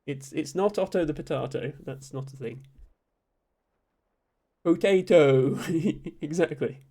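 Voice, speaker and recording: A young man streaming, reading chat messages aloud and thanking viewers, with frequent ums and soft laughs. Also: fairly high pitch, moderate pace, breathy edge. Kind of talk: casual live-stream chat.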